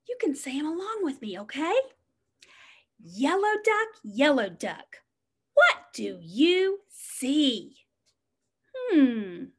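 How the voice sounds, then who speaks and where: Slow, sing-song high-voiced woman teacher. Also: fairly bright tone. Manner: sing-song and encouraging, asking children questions. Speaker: preschool teacher. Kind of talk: reading a picture book aloud to young children.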